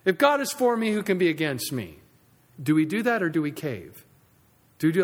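A male pastor preaching a sermon, his pitch leaping between loud emphatic peaks and hushed, low asides. His voice sits a little high for a man. The long reverb of a large sanctuary hangs behind every phrase. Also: very animated, normal speed. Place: church sanctuary.

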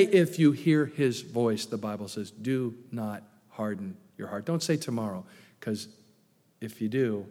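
A man's voice: mid-range voice, darkish tone. A man preaching a sermon as a pastor, emphatic, with many rhetorical questions. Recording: long hall reverb.

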